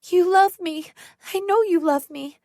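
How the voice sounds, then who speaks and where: A woman's voice: extremely high pitch, unhurried, dark tone, no room sound, studio quality, voice pushed up. A woman voicing an unhinged adult woman who holds someone captive and turns from menacing to childlike pleading. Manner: menacing, then pleading like a little girl. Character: unhinged adult woman captor, needy and violent.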